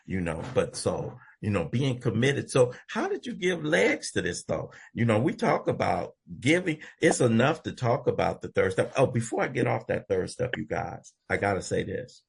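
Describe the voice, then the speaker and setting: A man's voice: medium pitch, vocal fry, husky. A man from Los Angeles, co-hosting a recovery podcast, talks in an earnest, folksy way like a preacher. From Los Angeles, USA. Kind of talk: conversational sharing.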